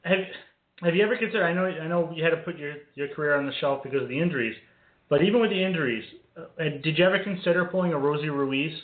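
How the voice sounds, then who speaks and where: A man's voice: a little high, fast talker. A man co-hosting a casual chat in an upbeat way, asking the guest questions. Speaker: co-host. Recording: tinny phone line in an echoey room.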